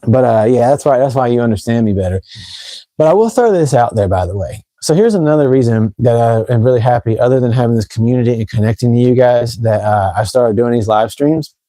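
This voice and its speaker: Fragrance host, man from Tennessee, light Southern accent, rambling chatty live-stream talk, mellow voice, dry room. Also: mid-range voice, fairly quick, no echo. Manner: rambling, chatty, talks straight to viewers. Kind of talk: casual live stream chat. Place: room at home.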